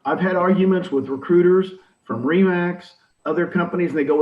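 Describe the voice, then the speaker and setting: An older man in real estate recruiting who talks in an energetic, emphatic coaching style and acts out quoted dialogue. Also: high voice, fairly quick, hardly any pauses. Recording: roomy, distant, dull audio.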